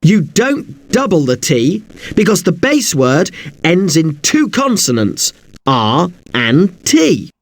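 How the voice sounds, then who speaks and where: A man teaching an English spelling lesson, spelling words out slowly letter by letter. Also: high-pitched, huge pitch swings.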